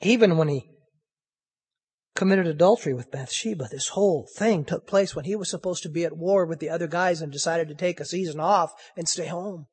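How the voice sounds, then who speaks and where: A male preacher with a high voice delivers an impassioned sermon full of rhetorical questions. His words ring out in a long reverb, like a spacious church hall. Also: a little fast, darkish tone, slightly rough.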